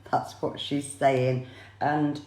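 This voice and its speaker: Low-pitched woman, chatty psychic medium on a livestream, echoey room. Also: flat delivery, very slow, a little mellow. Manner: chatty, repeats viewers' names often. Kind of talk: live-streamed reading for viewers.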